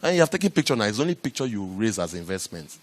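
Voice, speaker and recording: Animated man giving a startup talk. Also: on the low side, very fast. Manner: animated, repetitive, rising to loud emphatic bursts. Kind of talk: motivational talk to a live audience. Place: event room with an audience.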